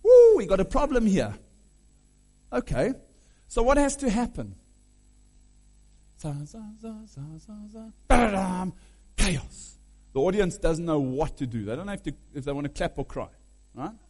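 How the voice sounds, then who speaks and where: A man preaching a sermon, animated, humming tunes and questioning his listeners. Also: high voice, normal speed, pauses often. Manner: animated, hums and sings melodies aloud; asks the audience questions.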